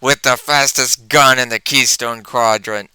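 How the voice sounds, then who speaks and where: A man's voice: medium pitch, steady tone, a little slow, sharp tone, smooth, no room sound. A man reading the lines of a menacing male cyborg rabbit gunman, cold and threatening.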